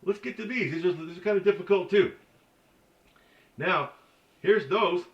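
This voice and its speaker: A man giving an informal language lesson in a folksy, chatty way, repeating sounds over and over to show how they are said. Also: moderate pace. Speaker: language teacher. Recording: roomy, distant, dull low-fi sound.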